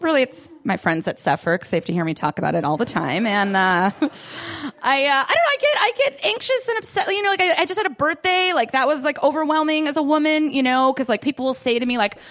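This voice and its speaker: A woman's voice: high voice, expressive, fast talker, fairly bright tone. A woman in her thirties doing a self-deprecating stand-up set on a club stage, often laughing through her lines. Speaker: stand-up comedian.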